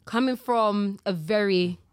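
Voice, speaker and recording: A woman's voice: medium pitch, measured pace, smooth, dry recording, clean studio sound. A young woman from Jamaica touched by speech, chatting as an interview guest, laughing often and acting out her stories. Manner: lively storyteller, laughs often, acts out quotes. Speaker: guest, live host and presenter. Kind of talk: casual interview chat.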